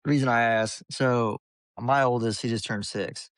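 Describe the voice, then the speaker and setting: A man's voice: mid-range voice, fairly even intonation, measured pace, clear, resonant tone, no room sound, studio quality. A man hosting a podcast, telling a story in a blunt, profane, casual way.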